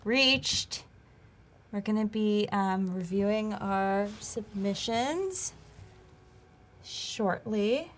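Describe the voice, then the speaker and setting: A woman's voice: medium pitch, expressive, very slow, pauses often. A woman co-hosting a drawing livestream, chatting and reading out viewer comments and timings. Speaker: co-host reading viewer chat.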